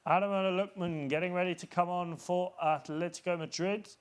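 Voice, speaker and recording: A man from England with a high-sitting, clean-toned voice hosts a live football watchalong, talking a little fast. He's relaxed and chatty, calling the play as it happens and drifting between casual chat and commentary.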